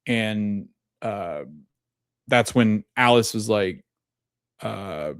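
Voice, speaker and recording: A man's voice: fairly low pitch, measured pace, dry recording, studio quality. A young adult man, a podcast host, casually recapping a TV episode and retelling its scenes in a loose, conversational way.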